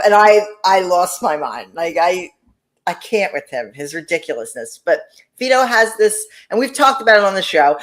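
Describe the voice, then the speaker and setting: A woman co-hosting a casual podcast chat. She laughs often, swears freely and mimics other people mid-story. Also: on the low side. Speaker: podcast co-host.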